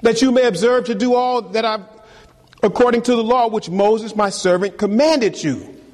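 A middle-aged man preaching a sermon as pastor, animated and teasing, calling on the congregation for amen. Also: high voice, normal speed. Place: church sanctuary. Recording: long reverb of a hall.

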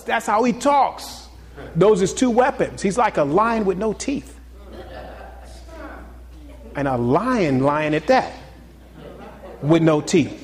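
A pastor preaching a sermon to his congregation, swinging between loud exclamations and hushed, confiding asides. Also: high-pitched, big-room sound.

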